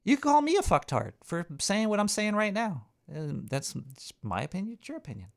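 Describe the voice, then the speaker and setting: A man's voice: high-pitched, big pitch swings, brisk, gravelly. A man hosting a talk show, ranting in a rambling, profane way with frequent stammering and restarts. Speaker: radio show host.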